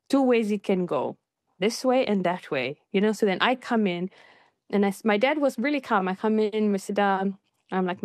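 A woman guest in an interview, telling her own story in a casual, animated way and jumping up in pitch when she quotes people. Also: dry recording. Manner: animated, acts out quoted voices with high pitch jumps.

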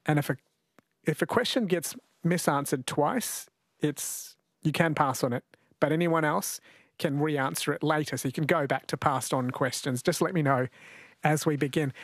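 Australian man, radio host, chatty, jokey, slightly high voice, dry studio sound. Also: moderate pace, dry recording. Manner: chatty, jokey, laughs often. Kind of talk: radio talk show hosting. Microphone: studio mic.

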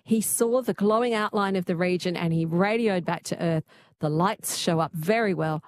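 A woman hosting a talkback radio quiz, chatty and quick to laugh. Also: fairly low pitch, a little hiss or hum.

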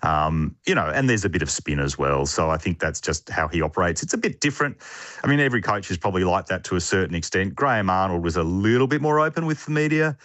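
An Australian man with a very low voice talks through a sports update, full of ums and restarts. The recording is dry and close. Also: lively intonation, quick pace, fairly bright tone, dry recording. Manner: hesitant, many fillers and restarts. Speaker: sports reporter. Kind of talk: radio phone-in report.

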